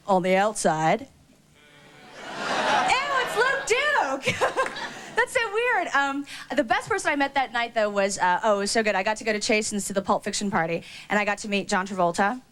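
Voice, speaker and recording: A woman doing a stand-up routine on stage, gossipy and quick with asides and fillers. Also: on the high side, a bit bright, clean tone. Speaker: stand-up comedian.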